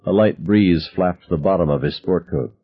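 Deep, husky male audiobook narrator. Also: moderate pace, lo-fi sound. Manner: expressive first-person storytelling.

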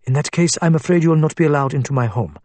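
Suave male doctor, courteous, measured, smooth, dry sound, read by a narrator. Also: a little high, a little mellow, dry recording, pitched above the performer's own voice, lightly acted. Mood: polite.

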